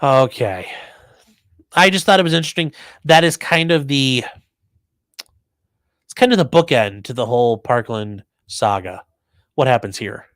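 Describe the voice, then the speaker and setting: A man's voice: medium pitch, expressive, measured pace, long pauses, fairly bright tone, dry recording. Casual crude-joking male streamer. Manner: offhand, crude jokey asides. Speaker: livestream host reading chat. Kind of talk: casual livestream commentary.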